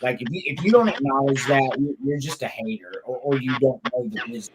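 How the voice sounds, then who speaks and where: A man's voice: medium pitch, animated, fast talker, background noise. A man hosting a casual chat, telling stories with animation and swearing freely.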